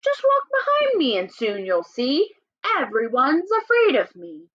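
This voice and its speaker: A woman voicing a small, clever male mouse in a read-aloud picture book, speaking in a squeaky, boastful way. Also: huge pitch swings, measured pace, a bit bright, dry recording, dull audio, full character voice.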